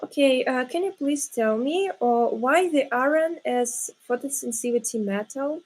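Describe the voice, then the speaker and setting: A woman's voice: sits high, moderate pace, darkish tone. A teenage girl giving a hesitant, formal critique as a tournament opponent over a video call, with many filler sounds. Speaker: opponent in a student science tournament.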